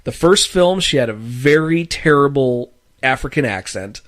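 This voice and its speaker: A man's voice: medium pitch, expressive, moderate pace, fairly bright tone. A man co-hosting a podcast, chatting casually in a movie review and joking around. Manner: joking, acts out quotes in put-on voices. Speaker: podcast co-host.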